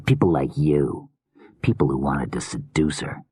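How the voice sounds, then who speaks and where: A man's voice: a bass voice, lively intonation, a little slow, warm tone, slightly rough, no echo, heavily acted. A man voicing an unhinged, weary male killer filmmaker in a slurred whisper, as whispered role-play in an audiobook.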